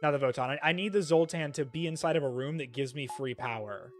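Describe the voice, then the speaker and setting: A young man livestreaming a game, chatting excitedly and swinging between loud outbursts and low muttering. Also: fast talker. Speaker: streamer. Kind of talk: live gameplay commentary.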